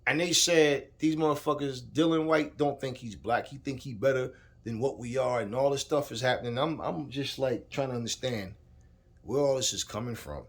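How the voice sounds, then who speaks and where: A man's voice: medium pitch, normal speed. Heated, profane man ranting. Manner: heated, profane, repetitive, talks straight at the subject. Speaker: boxing commentator. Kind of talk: casual ranting commentary.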